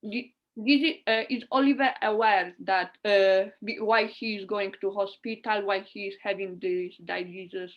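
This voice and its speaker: A woman asking an interview question haltingly, searching for words. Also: mid-range voice, steady tone. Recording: dull lo-fi sound.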